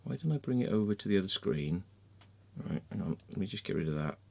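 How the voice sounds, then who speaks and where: A man's voice: deep voice, animated, fast, vocal fry, a little mellow. A man vlogging, muttering while he searches his screen, then ranting angrily with constant swearing and repetition. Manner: angry, sweary, repeats himself. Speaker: vlogger and crop circle maker. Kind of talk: ranting screen-share vlog.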